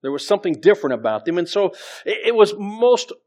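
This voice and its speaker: A man's voice: sits high, very animated, brisk, a little mellow. A middle-aged man preaching as pastor, conversational, with frequent restarts and scripture readings. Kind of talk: sermon.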